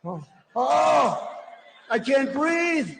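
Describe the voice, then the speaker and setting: Brief: woman putting on a wheezing old man, very high and slow, gasping shouts, long reverb. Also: very animated, slight background noise, full character voice. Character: gasping older man choking, mocked impression of a president.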